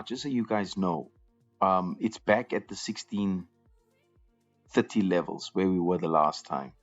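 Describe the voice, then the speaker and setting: Low-voiced man talking trades live. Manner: conversational, repeats words and restarts often. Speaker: trading room host. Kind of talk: live trading commentary. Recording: slightly dull lo-fi audio with faint music.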